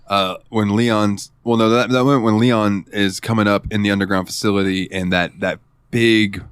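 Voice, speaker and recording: A man co-hosting a casual gaming podcast, telling stories excitedly and swearing freely. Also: fairly low pitch, normal speed, clear, resonant tone, no room sound, studio quality. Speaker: podcast co-host.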